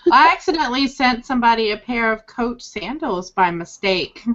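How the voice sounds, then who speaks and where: A woman co-hosting a casual chat, giving short reactions and telling a relaxed anecdote. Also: fairly high pitch, moderate pace. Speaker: podcast co-host. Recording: dull lo-fi audio.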